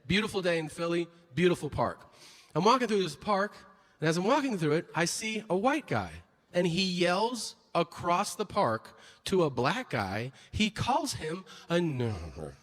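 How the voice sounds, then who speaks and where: On stage, with the audience laughing, a high-pitched comedian at a moderate pace spins animated, profanity-heavy stories and plays out each character. It's a noisy live recording.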